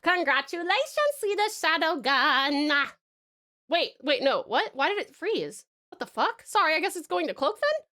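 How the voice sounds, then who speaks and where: A woman's voice: high voice, sing-song, normal speed, sharp tone. A woman with an Australian accent, streaming live, chatting casually and giggling, calling her viewers pet names. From Tasmania, Australia. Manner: bubbly, giggly, showers chat with pet names.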